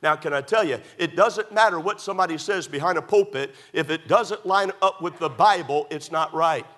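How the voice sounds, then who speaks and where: A man delivers a Baptist sermon in a voice pitched a little above the usual male range. He drives his points with rhetorical questions and repetition, and he drops in folksy anecdotes between Bible passages. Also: moderate pace, a bit bright. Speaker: pastor.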